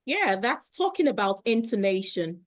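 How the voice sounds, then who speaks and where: A woman's voice: mid-range voice, big pitch swings, normal speed, no echo. A woman who coaches speaking, explaining things carefully in conversation and repeating her key points. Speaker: guest, speech coach.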